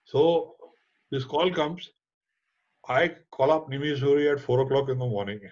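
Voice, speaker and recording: A middle-aged man with an Indian accent, a documentary filmmaker telling a lively story in conversation and mixing in Hindi words and casual swearing. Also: mid-range voice, moderate pace. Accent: Indian English. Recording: dull lo-fi audio.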